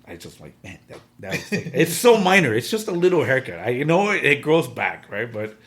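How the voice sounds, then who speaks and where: A man's voice: medium pitch, big pitch swings, fairly quick, fairly bright tone, husky. A man in his thirties or forties, chatting casually with friends, telling an emotional story full of fillers and slang. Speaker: podcast host. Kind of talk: casual chat among friends.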